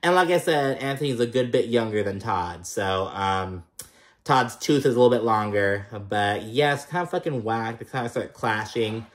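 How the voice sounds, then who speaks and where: A young man talks through a reality show episode in a loose, unscripted recap. He swears a lot and sounds thoroughly exasperated with the cast. His voice sits at an ordinary middle pitch for a man. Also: animated, normal speed. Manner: profane, exasperated, mimics cast members in higher voices. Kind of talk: casual recap rant.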